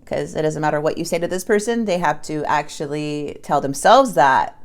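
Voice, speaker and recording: A woman's voice: sits low, moderate pace. A woman giving a casual spoken tarot reading, speaking bluntly and with emphasis straight to the viewer. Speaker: tarot card reader.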